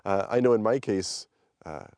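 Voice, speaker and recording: A middle-aged man hosting a language-lesson podcast, explaining in a relaxed, chatty way. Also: on the low side, normal speed, dry recording, clean studio sound. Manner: relaxed, chatty, prone to restarts. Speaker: podcast host and language teacher. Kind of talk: explanatory teaching chat.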